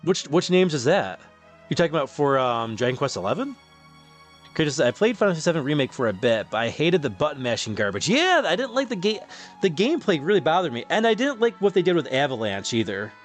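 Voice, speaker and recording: A man hosting a live game stream, casually chatting and reading viewer comments aloud, laughing often and stumbling over his words, his voice getting a bit hoarse. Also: fairly high pitch, very animated, fast, faint music behind. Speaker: streamer host reading chat.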